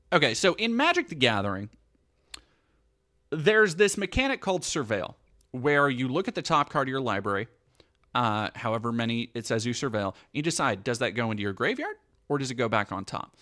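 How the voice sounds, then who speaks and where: A man's voice: medium pitch, pushed and bright. A man giving casual, sarcastic, profane commentary on video clips as a streamer.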